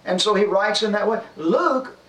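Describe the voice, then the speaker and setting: A man with a high voice teaches a Bible class, making his case through examples and rhetorical questions. He is recorded from a distance in a roomy space, with faint ambience behind him. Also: normal speed, a bit bright.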